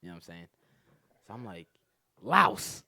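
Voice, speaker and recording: A deep-voiced man talks fast as a comedian guest on a podcast, recorded in clean studio sound without echo. He tells his story casually and animatedly, acting out others' dialogue and laughing often.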